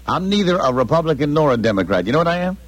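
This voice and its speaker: A man's voice: on the high side, big pitch swings. A man hosting a radio morning show, with rowdy, mocking comic banter. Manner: rowdy, mocking, fast-talking.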